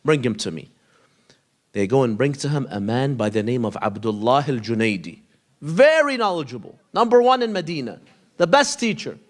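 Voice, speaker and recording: A man telling a story in a sermon, animated, acting out the dialogue between the people in it. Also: medium pitch, a little fast. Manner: animated storyteller, acts out dialogue in quoted voices. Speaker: preacher. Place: mosque hall.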